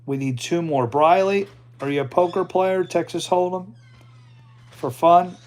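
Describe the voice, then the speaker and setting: A man's voice: sits high, steady tone, unhurried, a little mellow. A man hosting a casual livestream, chatting loosely with his viewers and an AI assistant. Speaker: livestream host.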